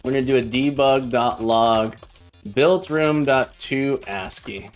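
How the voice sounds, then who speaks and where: Slow, easygoing male coding streamer. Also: mid-range voice, soft background music. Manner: chatty, self-mocking, thinks aloud while debugging. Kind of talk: casual live-stream chat while coding.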